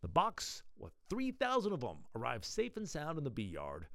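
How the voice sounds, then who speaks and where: A man's voice: mid-range voice, wildly swooping pitch, moderate pace, vocal fry, fairly bright tone, no room sound, clean studio sound. A man hosting a newsletter podcast, reading items in a playful, jokey way. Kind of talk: casual scripted newsletter reading.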